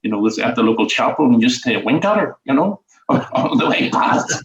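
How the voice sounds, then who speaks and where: An older Northern Irish man talks through his memories at an unhurried, meandering pace, full of "you know"s and small chuckles. He sounds far from the mic, in an echoey room, with a muffled, lo-fi quality to the recording. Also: mid-range voice, sing-song, fairly bright tone. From Northern Ireland. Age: 70s. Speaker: guest, former teacher and writer. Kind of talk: reflective conversational interview. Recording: distant, roomy, dull lo-fi sound.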